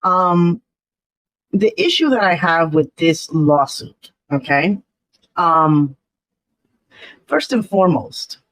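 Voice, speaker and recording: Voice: mid-range voice, animated, slow, long pauses, a bit bright, dry recording, rough recording. Chatty skeptical vlogger, dry close sound. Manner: chatty, frequent ums and uhs, skeptical asides. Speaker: commentary vlogger. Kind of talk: casual gossip commentary.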